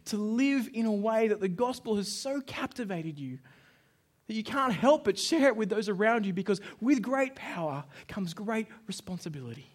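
A man's voice: high voice, moderate pace. A man preaching a sermon, telling stories with acted-out dialogue. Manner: storytelling, animated, plays out dialogue with shouts. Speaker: pastor.

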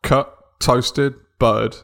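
A man's voice: mid-range voice, fairly even intonation, slow, creaky, a bit bright. A man co-hosting a casual podcast, curious and enthusiastic as he chats. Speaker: podcast co-host. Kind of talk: casual chat.

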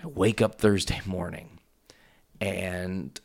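Gravelly low-voiced man podcasting from home. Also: moderate pace. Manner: rambling and profane, wanders off on tangents. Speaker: podcast host. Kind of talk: casual solo podcast storytelling. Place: his house.

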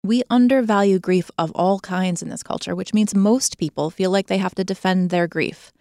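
A woman hosting a podcast, talking straight to listeners in an expressive, emphatic conversational monologue. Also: medium pitch, moderate pace, dry recording, clean studio sound. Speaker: podcast host.

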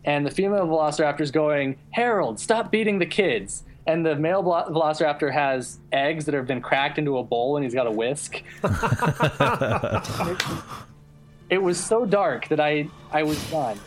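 A man's voice: fairly high pitch, moderate pace, slight background noise. A young man chatting casually on a podcast about his webcomic, rambling with restarts. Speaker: webcomic artist guest.

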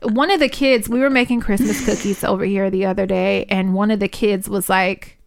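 Woman podcaster, swears a ton, teases her cohost, laughs a lot, mid-pitched voice. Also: fairly even intonation, a little fast, gravelly. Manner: profane, teasing, laughs often. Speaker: podcast co-host. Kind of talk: casual chat.

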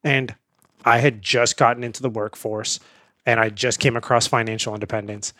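A man from India, speaking as a guest in a casual interview. He tells his story in a lively, anecdotal way and laughs easily. The recording is dry and close, with a voice of middling pitch. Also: moderate pace, no echo.

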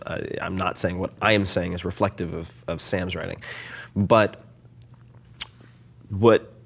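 A man chats as an interview guest, animated and self-deprecating. His voice sits a bit low, and he often restarts his sentences and fills the gaps with "like". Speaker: podcast guest. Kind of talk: casual conversational interview.

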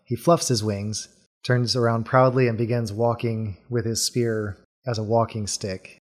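A man serves as game master for a tabletop role-playing session. He narrates the scenery in a detailed, unhurried way. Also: mid-range voice, little pitch movement.

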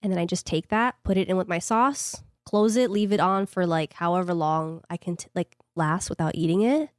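A woman's voice: on the low side, normal speed, no room sound, studio quality. A young woman with a New York accent chatting casually, rambling with plenty of fillers. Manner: rambling, animated, lots of fillers. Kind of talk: casual chat.

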